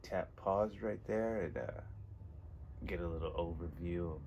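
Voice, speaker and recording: A man's voice: sits low, unhurried, creaky, lo-fi sound, noisy background. A man casually reading a comic aloud, rambling and questioning himself in asides. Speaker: comic book reader.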